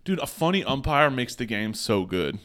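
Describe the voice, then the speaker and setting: Animated male podcast storyteller. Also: medium pitch, normal speed, slight background noise. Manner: animated storyteller who acts out voices. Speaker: podcast co-host. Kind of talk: casual storytelling banter. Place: bar.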